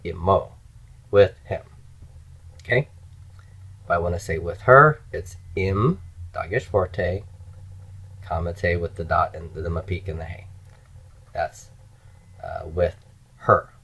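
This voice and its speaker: A man's voice: sits low, slow, gravelly, pauses often, fairly bright tone, breathy edge, poor audio. A man teaching Hebrew grammar in a recorded lecture, explaining step by step and chanting word forms for students to repeat.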